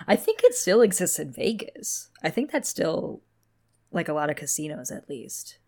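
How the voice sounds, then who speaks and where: A woman's voice: deep voice, sing-song, normal speed, darkish tone. A woman co-hosting a casual book podcast, laid-back and laughing a lot as she acts out characters' lines. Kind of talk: casual chat recapping a book.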